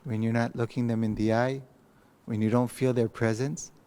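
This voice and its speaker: A man's voice: mid-range voice, level tone, dark tone, clean tone. Conversational man teaching a text. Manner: thoughtful, conversational, with pauses and restarts. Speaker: rabbi teaching a text class. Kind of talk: recorded online lecture. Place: empty study hall. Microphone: microphone.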